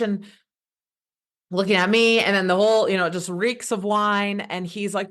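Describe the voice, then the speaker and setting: A woman's voice: mid-range voice, moderate pace, fairly bright tone. A woman in her thirties, a podcast guest, talking passionately in casual conversation, often restarting her sentences. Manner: passionate, fired up, rambling with restarts.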